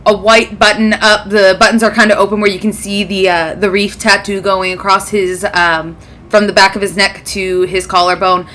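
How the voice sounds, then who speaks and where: A woman player describes her character's actions in a tabletop role-play session. Her delivery is casual and easygoing, at a middling pitch. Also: fairly bright tone. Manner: casual, laughs between lines.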